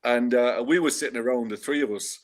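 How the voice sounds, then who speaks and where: A man's voice: medium pitch, a little fast, a little hiss or hum. A man who is a fan and a food bank organizer, telling a long, digressive story in a chatty way with dry humour. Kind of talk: casual anecdotal storytelling.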